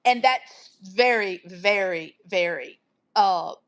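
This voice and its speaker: A woman with a Southern American accent chatting casually on a livestream over a video call, drawn-out and easily amused. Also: medium pitch. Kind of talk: casual chat.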